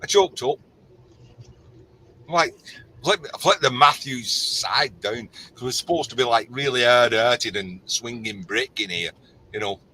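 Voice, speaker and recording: A man's voice: mid-range voice, a little slow, slight background noise, poor audio. A middle-aged man as a guest, telling stories in a casual chat and acting out the quotes. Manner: animated storyteller, acts out quotes.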